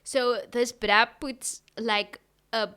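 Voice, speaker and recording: A young woman hosting a podcast, chatting fast and giggly with strong opinions. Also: on the high side, steady tone, sharp tone, clean tone. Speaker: podcast host. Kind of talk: casual chat.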